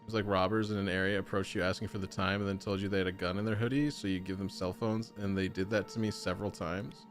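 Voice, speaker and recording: Gaming streamer, male, lowish voice, casual chatty commentary with excitable reactions, faint game music underneath. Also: fast, few pauses. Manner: chatty, excitable oohs while browsing options.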